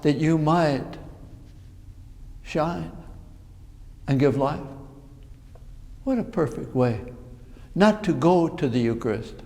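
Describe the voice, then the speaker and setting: A Jesuit priest giving a sermon in a church, speaking in slow, reflective phrases. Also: male voice, fairly high pitch, dark tone. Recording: long reverb of a large hall.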